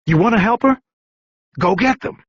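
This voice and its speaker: A man narrating an audiobook voices a tough middle-aged male detective who barks orders and speaks low, urgent reassurance. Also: lively intonation, normal speed, dry recording. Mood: shouting orders. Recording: dull, muffled audiobook recording.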